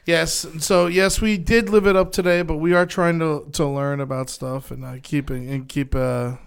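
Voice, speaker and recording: Podcast co-host, man, slightly high and smooth, loose profane banter, from Florida. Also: steady tone, normal speed. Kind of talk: casual chat.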